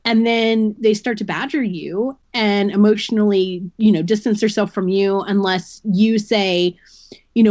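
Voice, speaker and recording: A woman's voice: medium pitch, fairly even intonation, measured pace, darkish tone, no echo, lo-fi sound. A woman guest on a podcast, giving a candid personal account and explaining things earnestly through long analogies.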